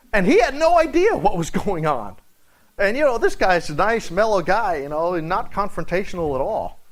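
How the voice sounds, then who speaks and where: Male pastor, higher voice, animated storyteller, teaching a Bible study in church. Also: normal speed. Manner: animated storytelling, acts out quotes.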